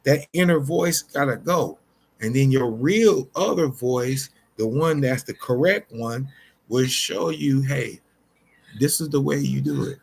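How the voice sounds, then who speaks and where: A man's voice: medium pitch, unhurried, gravelly, slightly rough. Earnest man giving repetitive pep talk. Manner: earnest, repetitive, many restarts; addresses listeners directly as y'all. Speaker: motivational vlogger. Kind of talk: unscripted motivational talk.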